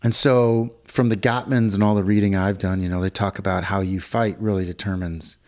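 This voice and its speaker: Casting note: middle-aged man, lowish voice, casual podcast co-host who rambles and acts out quotes. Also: fairly even intonation, a little fast, a little mellow. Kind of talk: casual chat. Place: hotel room.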